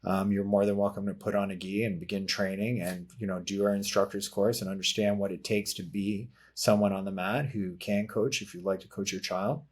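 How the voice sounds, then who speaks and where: Lower-voiced man giving business advice. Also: steady tone, brisk, few pauses, husky. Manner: explains step by step, many fillers. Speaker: martial arts business consultant, guest. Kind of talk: casual podcast conversation.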